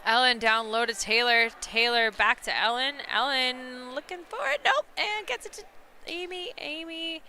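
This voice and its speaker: A woman calls a live game play-by-play in a high, bright voice, quick to exclaim at a near miss. She keeps things chatty, speaking directly to people watching online. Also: slight background noise. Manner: excitable, laughs and exclaims at big plays. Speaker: play-by-play commentator. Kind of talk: live sports commentary.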